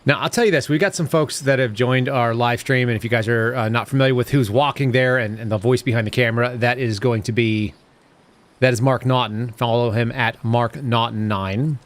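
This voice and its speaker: Wry, joking American live-stream host. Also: male voice, medium pitch, fairly even intonation, a little fast. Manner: jokey, wry, talks to chat viewers. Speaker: livestream host. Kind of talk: casual live-stream banter.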